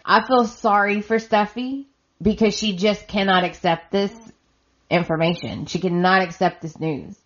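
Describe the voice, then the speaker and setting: A woman's voice: medium pitch, fairly even intonation, unhurried, highs cut off. A woman hosting a podcast, casually recapping a soap opera in a chatty way and retelling scenes with quoted lines. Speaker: podcast host.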